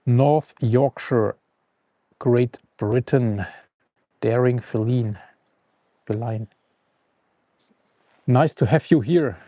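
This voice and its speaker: A man hosting a live stream from outdoors, calm and unhurried as he greets viewers and reads the news. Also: mid-range voice, no echo, highs cut off. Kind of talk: casual live stream chat and news reading. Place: outdoors at a forest camp on the coast.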